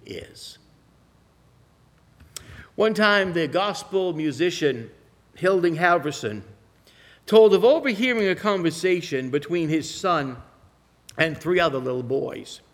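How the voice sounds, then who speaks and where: A man preaching a sermon, telling folksy stories and slowing down to press his points. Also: high voice, fairly bright tone. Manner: folksy storytelling with slow emphatic phrasing.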